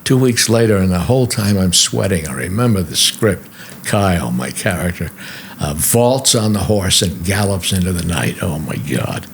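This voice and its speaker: Gravelly older New storyteller. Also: male voice, deep voice, moderate pace, a little hiss or hum. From New York. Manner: lively storyteller who acts out the people he quotes. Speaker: podcast guest. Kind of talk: storytelling anecdotes. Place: podcast studio.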